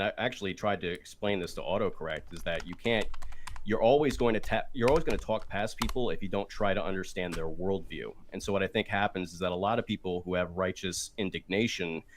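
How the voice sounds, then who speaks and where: Low-voiced man arguing his point. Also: a little hiss or hum. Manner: mocking, joking, then argumentative. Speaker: debate participant. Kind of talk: heated online debate.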